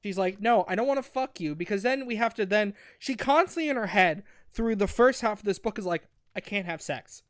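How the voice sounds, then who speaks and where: A man co-hosting a casual podcast, talking in an animated, profane and mocking way. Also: high-pitched, brisk, few pauses, no room sound, clean studio sound. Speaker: podcast co-host. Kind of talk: casual chat.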